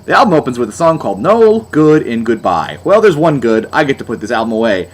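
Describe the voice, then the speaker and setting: A man's voice: medium pitch, very animated, fast. A young man giving a sarcastic, exasperated album review, mocking as he goes.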